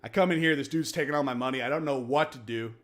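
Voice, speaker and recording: A man's voice: mid-range voice, quick pace, a bit bright. A man streaming casually from his home office, telling a story in a profane, emphatic way. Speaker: crypto streamer. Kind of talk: casual livestream chat.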